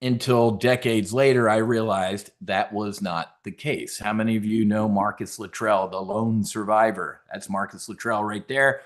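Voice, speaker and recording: A man's voice: lowish voice, normal speed, hardly any pauses. A man hosting a trading seminar in a brash, casual way, cracking jokes, swearing, and stumbling over restarts as he talks. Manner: brash, animated, swearing, jokey asides. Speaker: options trading host.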